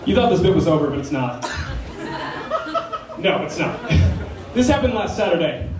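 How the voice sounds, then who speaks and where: A young man doing stand-up comedy as a club president, telling a story in an animated way and laughing through his own lines. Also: a little high, moderate pace, over loud music. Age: young adult. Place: campus comedy venue. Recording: echoey room recorded from far away, crowd laughter. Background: audience laughing.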